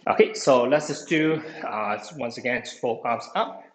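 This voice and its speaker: An unhurried man with a medium-pitched voice teaches an online exercise class on a video call. He is slightly out of breath and encouraging, repeating "okay" constantly, and the recording has an echoey room and faint noise.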